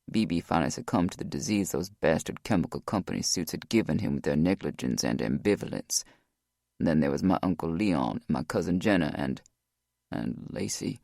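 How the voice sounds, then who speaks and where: A man voicing a grieving former Navy SEAL, deep and gravelly, telling his past in a low, weary way. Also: a little mellow, dry recording, clean studio sound.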